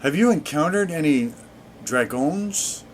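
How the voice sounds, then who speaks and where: Slow, sarcastic gamer man. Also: mid-range voice, a little hiss or hum. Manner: sarcastic, deadpan asides. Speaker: let's play gamer. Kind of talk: gameplay commentary.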